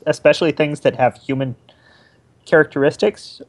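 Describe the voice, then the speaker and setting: A man's voice: on the high side, normal speed. Tabletop player, thoughtful man, casual talk. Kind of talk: casual chat at a game table.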